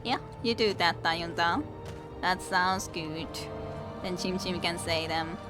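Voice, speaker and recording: This young woman has a lowish voice and takes things slowly as she streams a game, giggling and talking to the foes she fights. Game music plays underneath her casual let's-play commentary.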